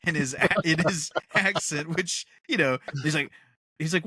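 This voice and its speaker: A man's voice: fairly high pitch, lively intonation, unhurried, bright, forceful tone, slightly rough, no echo. A man co-hosting a podcast in a casual chat, rambling with enthusiasm and laughing often. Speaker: podcast co-host.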